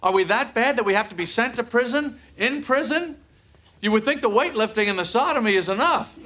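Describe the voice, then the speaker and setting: A man's voice: extremely high pitch, expressive, pushed and bright, full character voice. An actor playing a male stand-up comedian who jokes and teases a room of inmates. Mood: joking. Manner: quick jokey banter, teasing the crowd. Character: wisecracking male comedian performing for prison inmates. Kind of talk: stand-up routine.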